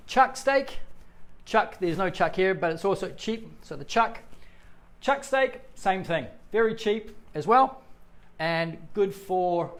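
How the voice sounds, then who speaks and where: Male English teacher with a New Zealand accent, forties, relaxed livestream delivery; reads and answers viewer comments. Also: fairly high pitch. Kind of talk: casual livestream lesson.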